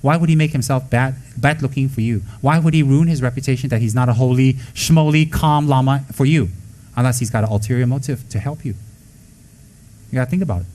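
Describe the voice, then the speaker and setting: A man teaching Buddhism in a blunt, scolding way. He mixes sharp rebukes with joking asides and briefly acts out what others would say. His pitch sits in the ordinary middle for a man. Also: a little fast, poor audio. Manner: acts out quoted voices. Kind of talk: dharma talk to students.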